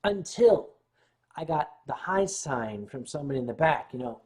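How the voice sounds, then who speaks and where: A man hosting a livestream, telling a long anecdote in a lively way and clearing his throat often between beats. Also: a little high, measured pace. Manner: animated retelling with shifting loudness. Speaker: livestream host. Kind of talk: anecdotal storytelling.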